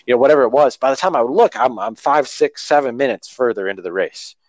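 A man's voice: mid-range voice, animated, quick pace, no room sound. A man in casual podcast conversation, an earnest and rambling storyteller talking through his running training. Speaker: runner talking about training.

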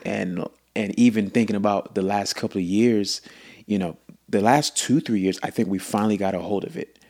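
A man hosting a podcast with his wife, chatting casually and acting out stories with lively imitated dialogue. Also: lowish voice, normal speed. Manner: animated storyteller, mimics dialogue loudly. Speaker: podcast host. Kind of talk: casual chat.

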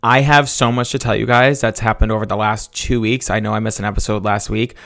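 A man's voice: lowish voice, steady tone, a little fast, creaky, fairly bright tone, no echo, clean studio sound. A young man from Massachusetts hosting a solo podcast, telling a story in a gossipy, profane way and laughing as he goes. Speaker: podcast host.

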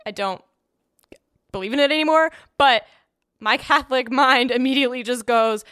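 Animated young woman telling a story. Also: fairly high pitch, fairly quick, clean tone, no room sound, clean studio sound. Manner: animated, acts out quoted voices; laughs while telling. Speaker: guest telling a personal story. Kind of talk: casual storytelling.

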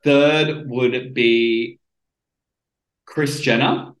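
A man's voice: medium pitch, fairly even intonation, extremely slow, echoey room, poor audio. A man co-hosting a podcast, telling stories and joking with confident, playful asides. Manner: joking, storytelling, self-assured. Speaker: podcast co-host. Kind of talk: casual chat.

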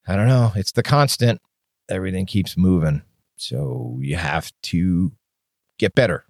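A man's voice: sits low, lively intonation, unhurried, vocal fry, a little mellow, dry recording, studio quality. A man hosting his own podcast as a firefighter, talking openly and bluntly with casual swearing and rambling restarts. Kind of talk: candid solo podcast monologue.

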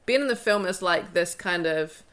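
A woman's voice: on the low side, normal speed. A woman co-hosting a podcast, chatting casually and sarcastically, and reading a book aloud. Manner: sarcastic, animated. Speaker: podcast co-host.

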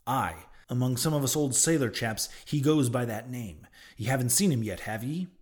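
A man's voice: medium pitch, animated, moderate pace, natural voice. A man voicing a ragged old male sailor prophet who talks in emphatic, mocking old-fashioned sea speech. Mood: ominous. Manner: archaic sailor talk, emphatic, derisive.

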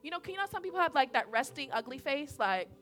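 Young woman preacher, high bright voice, chatty and animated, keeps asking the crowd questions. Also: fast, faint music behind. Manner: animated, conversational, repeats points, asks audience questions. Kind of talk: sermon.

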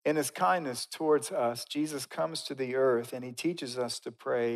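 A man preaching a sermon in a conversational, emphatic way, swinging from loud bursts down to quiet, slow stresses. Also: medium pitch. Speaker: pastor.

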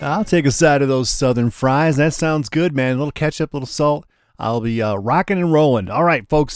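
A man's voice: mid-range voice, a little mellow, dry recording, clean studio sound. A man hosting a radio show, chatting casually with slangy, rambling asides between records. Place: home radio studio.

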